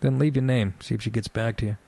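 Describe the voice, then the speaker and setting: A man's voice: mid-range voice, fairly even intonation, fast talker, vocal fry, warm tone. A man hosting a radio show, ranting sarcastically with lots of swearing and mocking asides. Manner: sarcastic, swears a lot, jumps between mock voices. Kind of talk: profane comedic radio rant.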